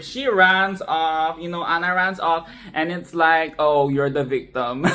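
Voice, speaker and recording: A leisurely, unhurried voice at a middle pitch talks through a film in a loose, chatty monologue. The tone is sarcastic and often breaks into laughter, with plenty of swearing along the way. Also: fairly bright tone. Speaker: film commentary host. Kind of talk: casual film review monologue.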